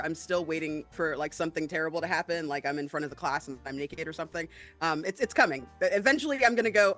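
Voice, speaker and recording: A woman hosting a charity game stream, chatty and excitable, with many ums. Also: low voice, quick pace, soft background music. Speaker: stream host.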